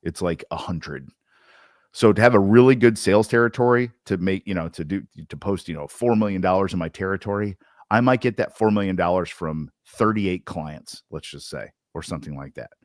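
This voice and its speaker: A man with a Southern Indiana accent and a very low voice co-hosts a sales podcast. He talks loosely and with energy, full of slang and restarts. The sound is dry and close. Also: a little fast, no room sound. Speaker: podcast co-host. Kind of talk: casual sales podcast chat.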